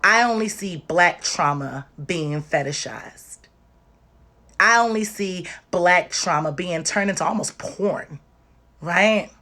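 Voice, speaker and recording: Woman, somewhat low voice, tearful and worn out, emphatic and direct, livestream talk. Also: takes it slowly, pushed and bright. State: tearful and exhausted. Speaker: livestream host.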